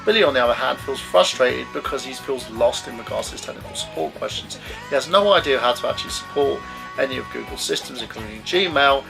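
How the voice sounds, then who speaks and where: Gravelly man reviewing a film. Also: mid-range voice, fairly bright tone. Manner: blunt, chatty, opinionated. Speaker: movie reviewer.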